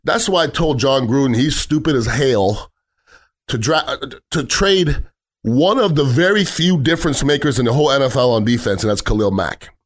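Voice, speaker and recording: A man's voice: mid-range voice, lively intonation, normal speed. Blunt, profane man ranting about football. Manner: blunt and profane, heated, repeats himself. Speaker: sports talk commentator. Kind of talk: opinionated football talk rant.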